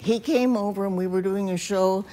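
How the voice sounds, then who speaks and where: Chuckling older actress telling stories. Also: female voice, medium pitch, moderate pace, dark tone, slight background noise. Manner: chuckling storyteller, self-deprecating. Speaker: talk show guest, actress. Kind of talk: anecdotal talk show chat. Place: TV studio.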